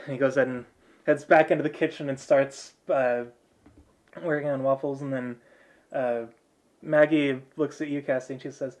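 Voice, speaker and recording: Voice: medium pitch, steady tone, normal speed, a little mellow. A game master narrating a tabletop game in a loose, casual way, full of fillers and laughing often.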